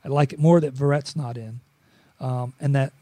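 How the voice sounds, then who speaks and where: A man's voice: mid-range voice, fairly even intonation, moderate pace, mellow, dry recording. A man co-hosting a casual sports podcast, chatty and joking, often restarting his sentences. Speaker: podcast co-host.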